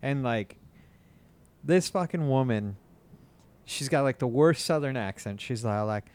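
A man's voice: medium pitch, lively intonation, unhurried, darkish tone, clean tone, no echo. A man hosting a podcast in casual chat, asking questions and swearing freely. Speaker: podcast host.

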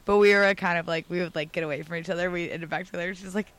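A woman's voice: on the low side, steady tone, racing, fairly bright tone. Woman, podcast guest, chatty, laughs a lot, casual interview.

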